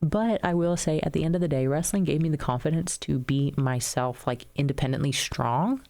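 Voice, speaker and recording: A woman in her thirties co-hosting a casual chat, telling stories in an animated way and laughing often. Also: sits low, fairly quick, a little hiss or hum. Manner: animated storyteller, laughs often, mimics voices in anecdotes. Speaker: podcast co-host, wrestler.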